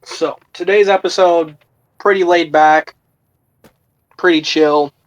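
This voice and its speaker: A young man co-hosting a podcast in casual chat, relaxed and keeping his voice down. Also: on the high side, slow pace, lo-fi sound. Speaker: podcast co-host.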